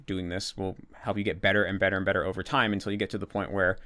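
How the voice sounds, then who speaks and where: A man's voice: low-pitched, flat delivery, quick pace, bright, forceful tone. A man hosting a casual Q&A, explaining at length with many restarts and repeated words, and acting out his own thoughts as quoted asides. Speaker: language-learning channel host.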